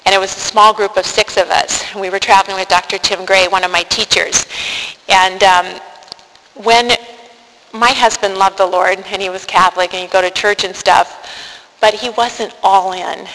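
A woman's voice: mid-range voice, steady tone, normal speed, a bit bright. Earnest woman testifying in a big hall. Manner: earnest and heartfelt, with frequent restarts. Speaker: speaker giving a faith testimony. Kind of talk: personal testimony talk. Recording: reverberant hall with faint noise.

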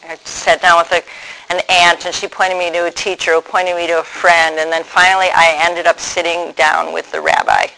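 A man telling his personal testimony in a reflective way, pausing often with ums and restarts. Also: a little high, flat delivery, creaky, bright, forceful tone, poor audio. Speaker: speaker sharing his faith story.

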